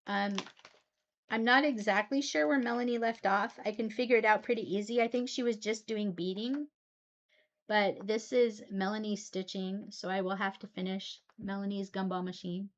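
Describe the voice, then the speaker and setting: Soft-spoken woman, teary crafting vlogger. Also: mid-range voice, fairly even intonation, highs cut off. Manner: soft-spoken, pauses often with ums. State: teary, voice breaking. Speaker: cross stitch vlogger. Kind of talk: casual show-and-tell vlog.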